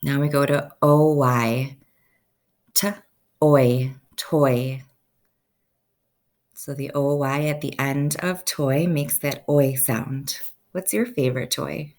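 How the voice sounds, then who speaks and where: A woman teaching a first-grade phonics lesson, slowly stretching out each sound so children can say the words with her. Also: low voice, fairly even intonation, a little mellow.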